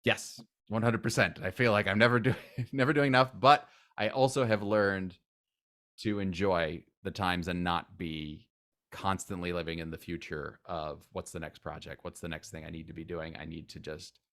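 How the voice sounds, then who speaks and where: A man who is a guest in a casual interview, talking enthusiastically and rambling, with sudden loud acted outbursts. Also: deep voice, fairly even intonation, normal speed.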